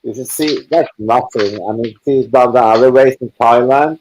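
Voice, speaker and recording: A man's voice: mid-range voice, normal speed, a little mellow, lo-fi sound, slight background noise. Blunt rambling man in casual chat. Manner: blunt, swearing, rambling with restarts. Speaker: live chat participant. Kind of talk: casual group video chat.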